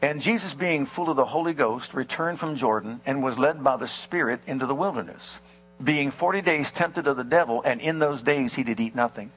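Husky preacher guy telling a story in a sermon, low mains hum under it. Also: brisk, fairly bright tone, soft background music, low-quality recording. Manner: storytelling, acting out quoted voices, reading scripture aloud.

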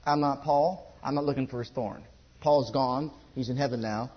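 A man preaching a sermon at a church service. He repeats his exhortations emphatically and drops to a hush. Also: medium pitch, fairly even intonation, normal speed, breathy edge, muffled recording.

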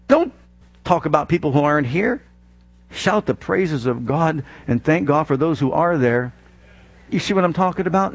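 Pastor guy preaching from the pulpit, pretty high voice, lively with sarcastic little asides. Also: normal speed. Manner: animated preaching with mocking asides. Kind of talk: sermon. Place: church.

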